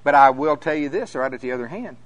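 A middle-aged preacher with a drawl delivers a sermon, his pitch rising and falling in lively swings. He tells stories, acts out conversations and laughs often along the way. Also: fast, no room sound. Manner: animated storytelling, acting out voices, laughing often.

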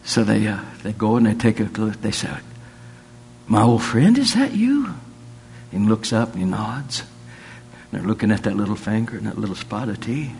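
A man's voice: fairly low pitch, steady tone, brisk, creaky, a little mellow, faint music behind. A man preaching, telling folksy stories and rising to fervent declarations. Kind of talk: sermon with folksy storytelling.

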